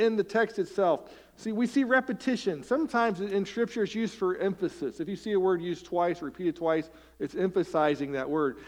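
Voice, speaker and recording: The pastor's high-pitched voice fills the church sanctuary as he preaches with animation, alternating booming emphasis with quiet asides and asking rhetorical questions.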